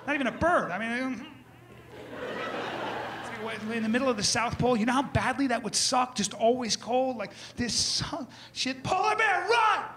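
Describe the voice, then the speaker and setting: A man performing stand-up comedy before a live audience, animated, with loud outbursts and acted-out voices. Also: very high voice, brisk. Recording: live room with crowd noise.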